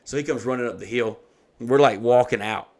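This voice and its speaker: Cussing guy in his 30s, animated storytelling on a podcast, mid-pitch voice. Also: a little fast. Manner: profane, animated retelling with put-on quotes. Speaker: podcast host. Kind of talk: casual storytelling chat.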